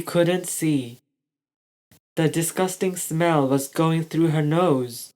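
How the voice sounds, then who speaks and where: A storyteller reading a children's story aloud in a slow, steady manner. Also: mid-range voice.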